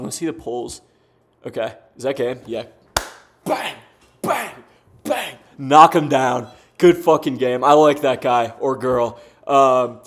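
Young American guy streaming a game, loose and profane, jokey, mid-range voice. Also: mid-range voice. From United States. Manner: laid-back, swears often, talks in bursts with fillers and self-deprecating jokes. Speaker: gaming streamer. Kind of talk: casual gameplay commentary.

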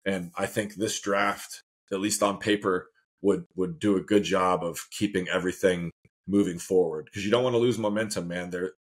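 A man's voice: low-pitched, steady tone, moderate pace. A man co-hosting a casual sports chat, laid-back, laughing often and saying "man" a lot. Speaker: co-host.

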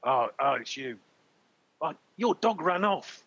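A man's voice: a little high, animated, unhurried, fairly bright tone, lo-fi sound, slight background noise, voice pushed up. A man doing a sweary grumpy barman. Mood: gruff. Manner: sweary, grumbling. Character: foul-mouthed grumpy male tavern barman.

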